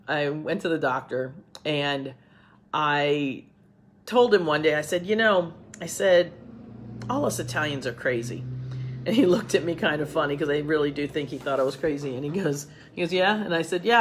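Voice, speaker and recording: A woman's voice: low voice, a little fast, slight background noise. A middle-aged woman who teaches cooking, talking to camera at home in a chatty, rambling, upbeat way. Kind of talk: casual talk to camera.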